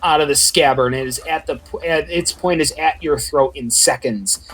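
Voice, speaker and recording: A man runs a tabletop game as game master and narrates with plenty of ums and uhs. He rambles and corrects himself as he goes, in a slightly high voice. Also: normal speed, fairly bright tone, poor audio. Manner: rambling, many filler words.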